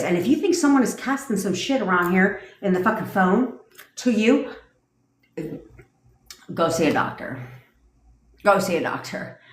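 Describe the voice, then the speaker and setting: A woman manifestation coach rants casually on a livestream, blunt and profane as she responds to viewers' comments. Her voice sits fairly low, and the room is echoey.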